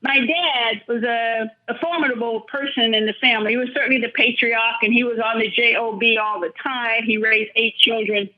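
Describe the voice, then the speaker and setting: A woman's voice: on the high side, steady tone, normal speed, hardly any pauses, crowd noise. An older woman, a guest in an interview, reflecting earnestly and with feeling as she tells personal stories. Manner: thoughtful, earnest, speaks with feeling. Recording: dull lo-fi recording.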